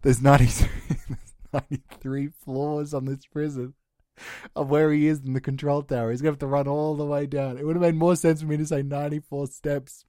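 A man hosting a comedy podcast, improvising a bit in a theatrical, overwrought way. His voice drops to a hushed mumble, then leaps into a high, mock-tearful wail. The sound is close and dry, with no room echo. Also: level tone, brisk. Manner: melodramatic, swings between hushed mumbling and high mock-crying.

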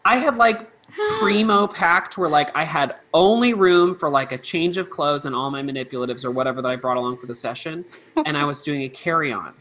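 A woman's voice: sits low, a little fast, fairly bright tone, a little hiss or hum. A woman who teaches music, chatting casually as a podcast guest, rambling and laughing often with lots of fillers. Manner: giggly, rambling storyteller with many fillers.

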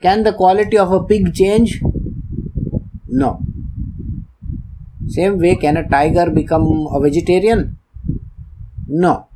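A man with a high, light voice gives a spiritual talk. He explains patiently and voices the people in his examples. Steady hiss and clicks sit behind him. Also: slow pace, long pauses. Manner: explanatory, acts out little dialogues. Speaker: spiritual teacher. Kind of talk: devotional discourse. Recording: noisy recording with clicks.

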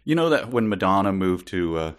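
A man's voice: low voice, big pitch swings, brisk. A man co-hosting a casual book podcast, chatty and amused as he tells stories. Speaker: podcast co-host.

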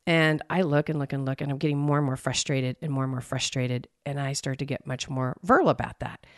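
Low-voiced animated woman podcast co-host. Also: a little fast, no echo, studio quality. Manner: animated storyteller, acts out her own frustration. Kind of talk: casual podcast conversation.

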